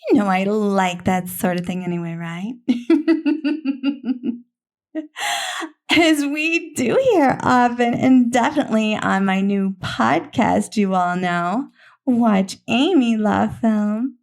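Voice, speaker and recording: A woman hosting a film reaction, talking in an earnest, soft-spoken, emotional way with long pauses. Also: a little high. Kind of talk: reflective reaction monologue.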